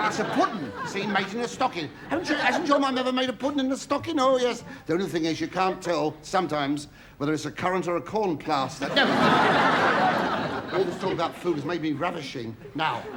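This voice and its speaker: Camp English comic with loud audience laughter. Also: male voice, high voice, animated, normal speed, a loud crowd. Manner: camp, gossipy asides, stammering restarts, cries of "oh, yes". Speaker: comedian. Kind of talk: stand-up comic monologue to a studio audience. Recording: live studio audience laughter, loud noise.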